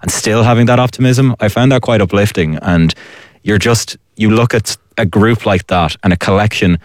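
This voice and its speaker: An Irish man in his late twenties speaks as a radio panel guest. His voice sits very low, and he muses slowly through his thoughts with hesitant restarts. The studio sound is close and dry. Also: no room sound. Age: late 20s. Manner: thoughtful, reflective, hesitant starts. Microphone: studio microphone.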